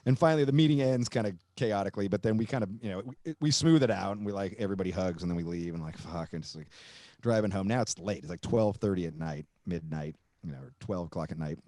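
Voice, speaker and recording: A man with a lowish voice hosting a podcast, spinning a long story in loose, rambling talk. He swears freely and circles back with fillers and restarts. The sound is close and dry, with no room around it. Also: quick pace, dark tone, no echo. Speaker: podcast host. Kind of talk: casual storytelling.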